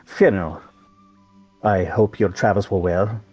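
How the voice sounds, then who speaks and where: A man's voice: lowish voice, fairly even intonation, slow, a little mellow, breathy edge, faint music behind. A man voicing a courteous, composed male elf in a tabletop game, speaking formally and politely.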